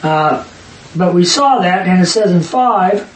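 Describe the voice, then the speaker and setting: A man leading a Bible study, reading verses aloud and arguing his points emphatically with quick asides. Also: high-pitched, lively intonation. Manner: emphatic, rapid asides, reads scripture aloud. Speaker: Bible teacher. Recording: echoey room, distant mic, faint hiss.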